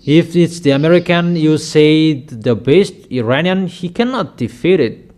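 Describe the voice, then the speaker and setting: Fervent preacher man, halting English. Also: a little high, darkish tone. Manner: emphatic, commanding, addresses listeners as children; halting non-native English with repeated phrases. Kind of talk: sermon.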